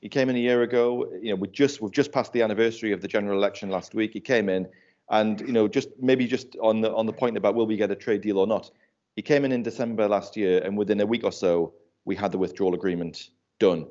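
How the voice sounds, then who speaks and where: A man's voice: fairly low pitch, steady tone, quick pace, a little mellow. A man chatting casually on a finance podcast panel, telling anecdotes and laughing often. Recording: slightly muffled audio.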